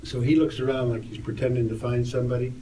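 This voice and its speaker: A man's voice: medium pitch, quick pace, a little hiss or hum. Older man telling stories in a roomy space. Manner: lively storyteller, raises his voice for quoted dialogue. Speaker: interview guest, tour photographer. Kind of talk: animated anecdote storytelling. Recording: roomy, distant mic, faint ambience.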